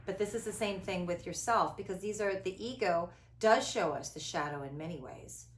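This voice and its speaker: A woman in her fifties who talks in a reflective, conversational way as a podcast host, acting out quoted voices and moving between loud and hushed tones. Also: on the low side. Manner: expressive, theatrical, quick shifts between loud and hushed. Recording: echoey room.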